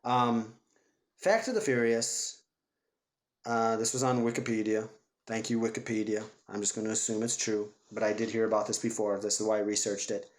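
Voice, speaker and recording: A man co-hosting a casual movie podcast, retelling scenes with lively acted-out quotes. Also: lowish voice, normal speed. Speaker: podcast co-host. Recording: roomy echo.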